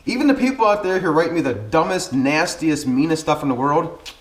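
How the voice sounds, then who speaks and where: A man's voice: on the high side, expressive, fairly quick, reverberant. A man in his thirties from Pennsylvania, vlogging to camera about his car channel in a casual, earnest way with many ums. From Pennsylvania, USA. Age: 30s. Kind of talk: casual vlog talk to camera.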